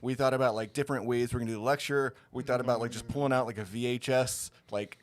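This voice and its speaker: A man in his thirties co-hosting a podcast, chatty and quick to laugh. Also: mid-range voice. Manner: laughs a lot, chatty, animated. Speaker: podcast co-host. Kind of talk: casual podcast banter.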